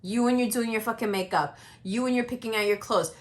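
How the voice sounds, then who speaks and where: Young woman, fairly high voice, casual astrology reader, blunt and emphatic, swears, swings from slow and low to fast and high. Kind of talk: casual tarot reading monologue.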